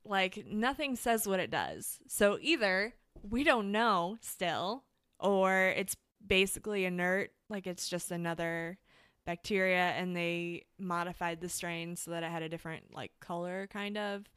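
Chatty woman with a smooth, dry voice. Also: on the low side, unhurried, a bit bright, no echo. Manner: chatty, fillers, many "like"s. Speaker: podcast co-host. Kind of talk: casual chat.

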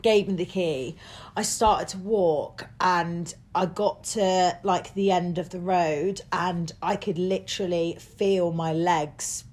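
A woman's voice: on the low side, steady tone, slow, darkish tone. Chatty young woman laughing along. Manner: chatty storytelling, laughs often, many "like" fillers. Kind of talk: casual chat.

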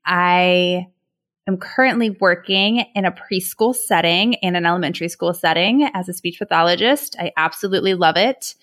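A woman's voice: on the low side, normal speed, a bit bright. A woman from Ohio, co-hosting a podcast in casual chat with friends, chatty and laughing often. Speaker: podcast co-host.

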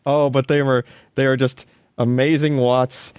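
A man hosting a casual tech podcast, animated and laughing often, with frequent restarts. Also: mid-range voice, a little slow, smooth, dry recording. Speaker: podcast host.

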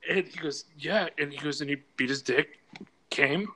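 A man with a bright, forceful voice tells crude prison stories on a casual podcast. He laughs often and acts out other people's lines as he goes. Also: a little high, normal speed. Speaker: podcast co-host, former prison case manager. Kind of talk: casual storytelling chat.

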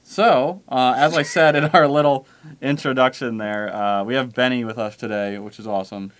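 A man's voice: medium pitch, steady tone, moderate pace. A man co-hosting a casual gaming chat on college radio, joking and rambling. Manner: joking, rambling, restarts and laughs. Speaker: podcast co-host. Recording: college radio studio mic.

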